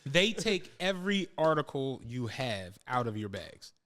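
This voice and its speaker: A man's voice: medium pitch, very animated, unhurried, a bit bright. A young adult man hosting a podcast, telling a travel story in casual chat, acting out his friends' lines and swearing freely. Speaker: podcast host.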